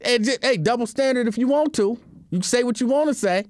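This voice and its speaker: High-voiced joking man on a dry mic. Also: quick pace, dry recording. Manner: joking, repetitive, animated asides with laughter. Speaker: show host. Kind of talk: comedic casual monologue.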